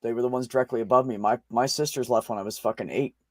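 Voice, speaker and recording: A man's voice: mid-range voice, fairly even intonation, fast talker, a little mellow, dry recording, studio quality. A man in casual conversation, telling a long personal story with frequent swearing and restarts. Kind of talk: casual chat.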